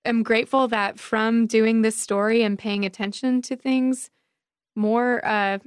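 A woman's voice: a little high, steady tone, measured pace, clean tone, no room sound, clean studio sound. A woman writer from Georgia, a guest on a podcast, talking cheerfully and laughing often. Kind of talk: conversational interview.

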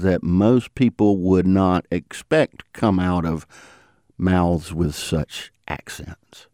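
A man's voice: low-pitched, fairly even intonation, slow, dark tone, dry recording, studio quality. A man with a Southern US accent hosting a podcast, narrating and interviewing in an easygoing storytelling way. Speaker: podcast host.

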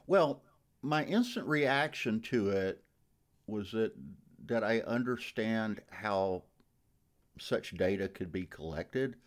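Southern-accented man, regular radio commentator, measured and repeating words, lowish voice. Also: animated. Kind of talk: radio conversation.

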